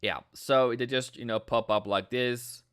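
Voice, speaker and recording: A man's voice: mid-range voice, steady tone, a little slow, a bit bright, clear, resonant tone. A man from Norway, hosting a casual live trading stream, playful and chatty with viewers, tossing in silly sound effects. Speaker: forex trading livestream host.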